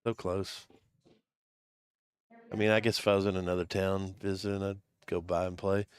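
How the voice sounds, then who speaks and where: Laid-back low-voiced male poker commentator. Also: flat delivery, moderate pace, clean tone. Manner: laid-back, chatty, easily impressed. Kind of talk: casual live-stream commentary.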